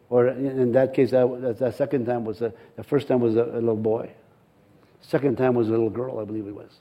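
A man's voice: medium pitch, a little fast, poor audio. A male pastor preaching a sermon, telling stories with acted-out dialogue and frequent repetitions. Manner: animated storytelling, acts out dialogue, frequent repetitions.

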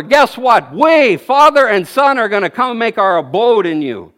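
High-voiced preacher in his fifties. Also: measured pace. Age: 50s. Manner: energetic, exclaiming, laughing often. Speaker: guest preacher. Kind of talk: sermon. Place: church service.

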